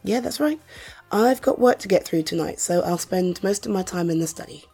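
In a listener-directed audio role-play, a woman plays a confident, wealthy mother who teases and flirts in a playful, bossy mood, speaking slowly and self-assuredly. Her voice is on the low side, warm, creaky and slightly rough, animated and exaggerated, over soft background music.

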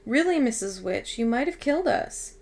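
A woman's voice: a little high, sing-song, normal speed, creaky, darkish tone. Woman reader doing a demanding little boy, indignant, audiobook. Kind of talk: audiobook reading.

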